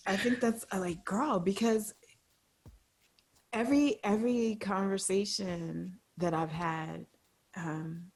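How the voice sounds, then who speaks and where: A woman's voice: medium pitch, takes it slowly, a little mellow, husky. A woman co-hosting a podcast, talking candidly and earnestly, explaining her point through long repeated examples. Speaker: podcast co-host. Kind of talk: candid casual chat.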